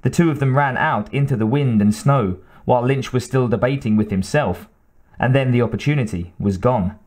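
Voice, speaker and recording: A man narrates a military thriller audiobook in a steady, even way. His voice sits at a middling pitch for a man. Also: normal speed. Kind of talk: scripted narration.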